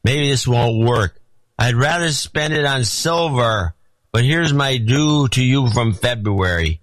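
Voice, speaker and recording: A man's voice: medium pitch, expressive, takes it slowly, fairly bright tone, dry recording, pitched above the performer's own voice. Man voicing a tipsy, rambling male donor: slurred, hesitant, dry close sound.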